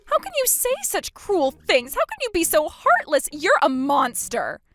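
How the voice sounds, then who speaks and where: A woman voicing a desperate, self-pitying adult sister-in-law who pleads and whines, her voice jumping high. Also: very animated, moderate pace, fairly bright tone. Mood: indignant. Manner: pleading, whiny, pitch jumps high. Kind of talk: storybook narration.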